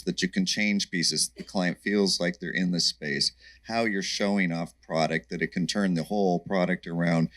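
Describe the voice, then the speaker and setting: A man moderating a live panel discussion, relaxed and conversational with joking asides. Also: sits low. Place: conference panel room.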